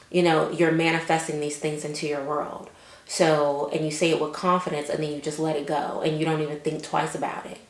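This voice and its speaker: A woman with children telling a casual vlog story, chatty and animated, full of fillers and quoted self-talk. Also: low voice, echoey room. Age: adult with children. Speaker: vlogger.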